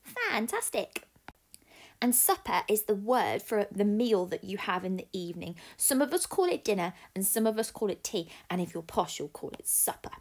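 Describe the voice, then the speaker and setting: A woman teacher, slowly sounding out words in a phonics lesson and praising pupils. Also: medium pitch, very animated. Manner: slow, clear and encouraging, sounding out letters. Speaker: primary school teacher. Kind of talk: phonics lesson and reading a story aloud.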